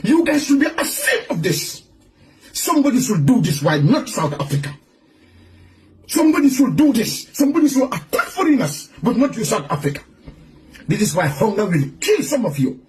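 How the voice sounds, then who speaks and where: A man's voice: sits high, very animated, normal speed, a little hiss or hum. A man delivering an angry, profane, repetitive rant to his online audience. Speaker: online commentator.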